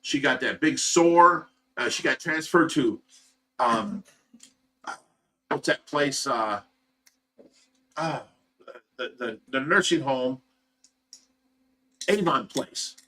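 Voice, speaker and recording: Ohio man, thirties, livestream host, rambling casual storyteller, bright edge, mic a step away. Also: mid-range voice, slow, long pauses. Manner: rambling, repetitive, many fillers and restarts. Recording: voice some distance from the mic.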